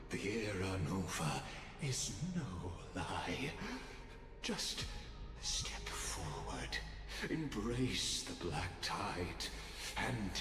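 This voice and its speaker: An actor playing a theatrical male villain in a video game, with a dramatic, drawn-out delivery. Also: low voice, exaggerated voice. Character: grandiose male villain demigod, menacing and theatrical. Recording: game audio with reverb and loud music.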